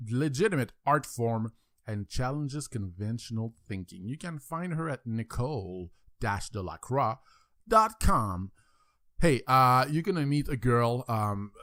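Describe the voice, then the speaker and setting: A man's voice: mid-range voice, a bit bright, no room sound, studio quality. A man with a French accent hosting a podcast, rambling through a casual intro with many repeats and fillers. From France. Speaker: podcast host.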